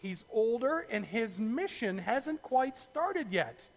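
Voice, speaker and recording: A man preaching a sermon, telling the story in a lively way with asides to his listeners. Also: very high voice, slow, gravelly, long reverb tail. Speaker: pastor.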